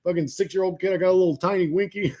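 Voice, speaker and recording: Quick-paced and warm, this man's high voice holds a steady tone as he runs a livestream. He goes through viewer comments in loose, rambling chatter laced with swearing and jokes.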